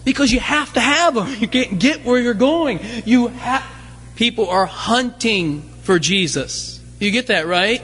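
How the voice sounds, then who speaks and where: A man's voice: very high-pitched, animated, unhurried, a bit bright, breathy edge. A man preaching a sermon as pastor, conversational, full of rhetorical questions and light humorous asides. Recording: long hall reverb.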